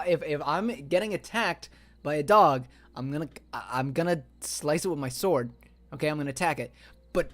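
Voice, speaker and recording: An excitable man talks to his chat while streaming a game, with a voice that sits a bit high for a man. He swears freely and jumps into sudden loud outbursts. Faint music plays underneath. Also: moderate pace. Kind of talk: live gameplay stream chat.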